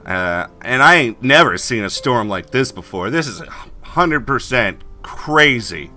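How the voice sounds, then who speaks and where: A man's voice: mid-range voice, animated, a little slow, sharp tone, pitched above the performer's own voice. A man voicing a veteran male truck driver who speaks in an emphatic, blustery way. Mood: alarmed.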